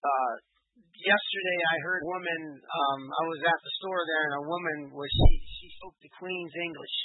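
A man's voice: on the high side, normal speed, no room sound. A man in casual conversation on a phone call, rambling with hesitant restarts and frequent laughs. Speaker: caller. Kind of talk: casual chat. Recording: tinny phone line.

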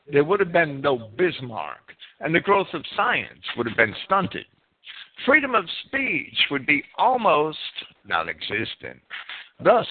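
A man reads a prepared church-history talk as a sermon, and his pitch rises and falls a lot. He stumbles and repeats words as he reads. The recording is thin and tinny, like a phone line. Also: vocal fry, breathy edge. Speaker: preacher. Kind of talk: reading a history presentation with asides.

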